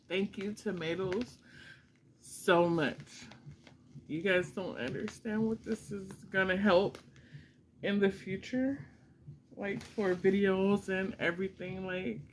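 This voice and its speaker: A woman's voice: medium pitch, a little mellow, a little hiss or hum, rough recording. A middle-aged woman vlogging an unboxing at home, gushing and emotional with frequent exclamations. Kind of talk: casual unboxing vlog.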